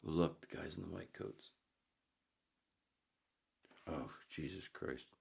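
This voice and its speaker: A man's voice: low voice, steady tone, moderate pace, gravelly, husky. A man hosting a podcast in a casual, profane, joking ramble, often dropping into muttered whispered asides, while in pain from a sore elbow. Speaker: podcast host.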